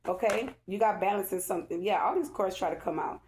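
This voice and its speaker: A woman's voice: medium pitch, fast, darkish tone, a little hiss or hum. A woman giving a casual spiritual tarot reading to her viewers, chatty and emphatic, repeating herself and constantly checking in with them. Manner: chatty and emphatic, keeps addressing viewers and asking "okay?"; repeats herself, loose colloquial phrasing. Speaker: tarot card reader.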